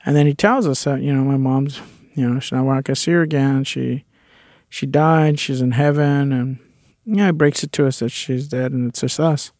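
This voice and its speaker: Man, gravelly voice, personal storytelling, candid, casual swearing. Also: mid-range voice, moderate pace, darkish tone, no room sound, clean studio sound. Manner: candid, conversational, with occasional swearing.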